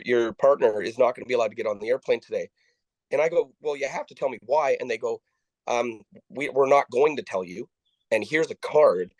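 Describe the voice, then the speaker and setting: A man, an interview guest telling his story in a halting way, with many restarts and quoted dialogue. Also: medium pitch, no room sound, rough recording. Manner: halting, with frequent restarts and repeated words; acts out the dialogue of people he quotes. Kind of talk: conversational storytelling.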